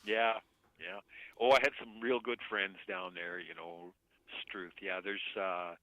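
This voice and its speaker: A man's voice: on the low side, sing-song, a little slow, creaky, no room sound. Rambling man on a tinny phone line. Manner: rambling, chuckling, trailing off softly. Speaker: caller. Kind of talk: casual call-in chat.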